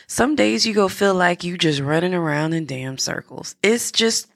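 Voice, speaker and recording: A woman's voice: fairly low pitch, animated, moderate pace, vocal fry, hardly any pauses, no echo, studio quality. A woman hosting a podcast, talking candidly and encouragingly straight to her listeners. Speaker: podcast host. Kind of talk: motivational podcast monologue.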